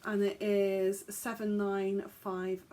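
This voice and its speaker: A woman's voice: medium pitch, flat delivery, slow, dark tone. A woman hosting a podcast, chatting casually and joking at her own expense as she stumbles over foreign words. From England. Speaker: podcast host.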